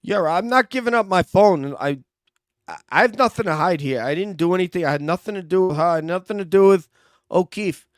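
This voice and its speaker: A man's voice: sits high, a little fast, no echo, studio quality, pitched above the performer's own voice, close to an everyday voice. A man playing an evasive male suspect in a mock police interview, hesitant and defensive with lots of fillers. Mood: defiant. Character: evasive adult male suspect under questioning.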